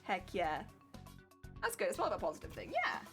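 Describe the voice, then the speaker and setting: A woman's voice: on the low side, huge pitch swings, fairly quick, fairly bright tone, faint music behind. A woman with an English accent chatting casually on a live stream while sewing a costume. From England. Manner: chatty, rambling, fillers like "like" and "heck yeah".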